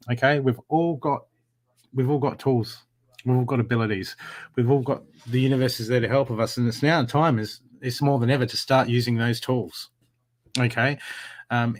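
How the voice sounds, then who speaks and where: A middle-aged Australian man giving a live-stream tarot group reading, talking in an earnest coaching tone full of "okay"s. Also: mid-range voice. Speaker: tarot reader.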